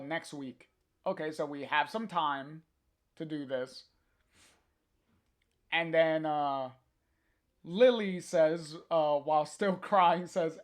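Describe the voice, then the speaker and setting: A man casually reading a comic aloud on a livestream, halting with many fillers and chuckling to chat. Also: sits high.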